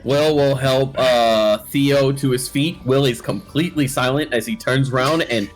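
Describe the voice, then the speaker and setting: A man playing a tabletop game, calmly describing his character's actions in the third person with a dry manner. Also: medium pitch, unhurried, soft background music. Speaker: player. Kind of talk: casual tabletop play.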